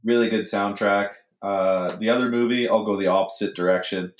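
A man's voice: lowish voice, fairly even intonation, brisk, roomy sound. A man co-hosting a casual podcast, laid-back and swearing in banter. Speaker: podcast co-host.

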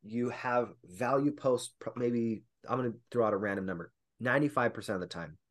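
A man's voice: mid-range voice, fairly quick. A man hosting a casual interview, summing up his guest's points in his own words. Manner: summarizes and recaps the guest's points. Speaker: podcast host.

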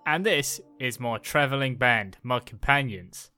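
A man's voice: medium pitch, measured pace, bright, forceful tone, faint music behind. A man voicing a boastful, self-important male adventurer.

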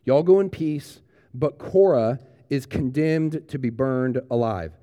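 A man's voice: medium pitch, takes it slowly, mellow, big-room sound, natural voice. A man retelling a film scene in a sermon, voicing a stern tribal chief pronouncing judgment.

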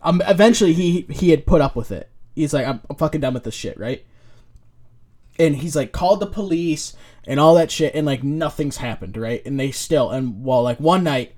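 A man's voice: on the high side, moderate pace, a little mellow. A man co-hosting a podcast, chatting casually and telling loose, profane stories into a podcast mic. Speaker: podcast co-host. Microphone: podcast microphone.

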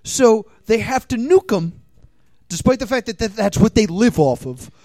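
A man with a high, lively voice hosts a live comedy podcast in a small club, ranting in an exasperated way. His pitch swings widely, and the sound is close and dry. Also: normal speed, no room sound. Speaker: podcast host.

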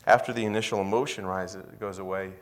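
Male pastor, very low voice, sermon delivery moving from loud bursts to hushed whispers. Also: fast talker. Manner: swings from loud excited bursts to soft whispered intensity.

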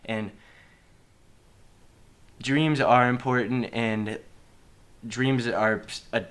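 Casting: young male podcast co-host, mid-pitched, earnest, rambling, laid-back. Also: steady tone, extremely slow, a bit bright, smooth. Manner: earnest, rambling, says "like" and "bro" often. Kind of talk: casual podcast chat.

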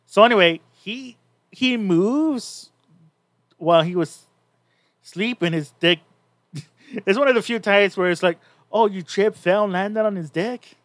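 Man, podcast co-host, rambling casual recap, slightly high voice, dry close mic. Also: no room sound. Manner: rambling, many restarts and "so". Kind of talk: casual chat recapping a story.

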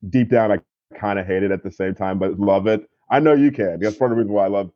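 A low-voiced man chats along in an agreeable way, laughing easily. The sound is dry and somewhat muffled and lo-fi. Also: quick pace, warm tone, no echo. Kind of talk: casual chat.

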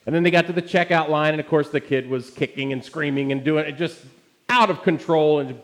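A man's voice: on the high side, a little fast. A man preaching a Father's Day sermon as pastor, telling stories in a conversational way and turning to the congregation with asides. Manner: conversational storytelling with audience asides.

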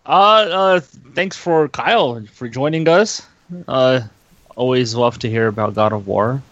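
Podcast panelist, man, slow laid-back delivery, dry dull audio. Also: medium pitch, fairly bright tone, no echo. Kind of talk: casual podcast chat.

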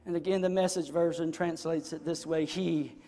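A man preaching a sermon, moving between soft, intimate passages and loud, shouted declarations. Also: on the high side, little pitch movement, a little fast. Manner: swings from hushed to shouting. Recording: long reverb in a hall.

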